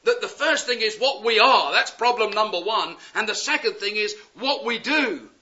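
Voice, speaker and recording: A man preaching a sermon, impassioned and pleading, swinging from loud urgent appeals to hushed words. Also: sits high, animated, normal speed. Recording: dull lo-fi sound.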